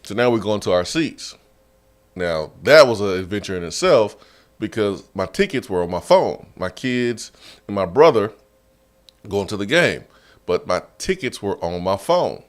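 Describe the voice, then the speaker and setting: A man hosting a sports radio show, telling a story in a casual, animated way and laughing often, recorded in a studio. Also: lowish voice, unhurried.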